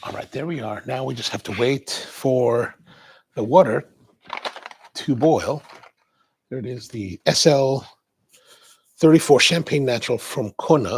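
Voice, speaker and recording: A man's voice: mid-range voice, gravelly, husky. A man hosting a coffee livestream, chatting casually and rambling while he answers viewer comments.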